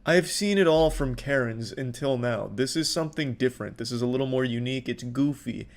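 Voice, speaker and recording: A man giving profane, sarcastic commentary on viral videos in a deadpan delivery. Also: mid-range voice, fairly quick. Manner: sarcastic, deadpan, swears constantly. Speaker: online commentary host.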